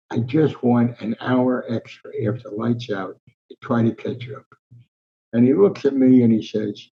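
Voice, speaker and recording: An older man from Newark, New Jersey, US, who writes a sports column, is the guest in this interview, recounting anecdotes and playing the voices of the characters. His pitch is medium and his pace moderate; the lo-fi sound is slightly dull.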